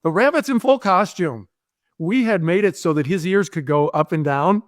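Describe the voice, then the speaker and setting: A man with a fairly high voice tells an animated story in a podcast interview. He jumps into the voices of the people in his story. The sound is close and dry. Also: normal speed, no room sound. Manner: animated anecdote-telling, acting out quoted voices. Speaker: guest, filmmaker.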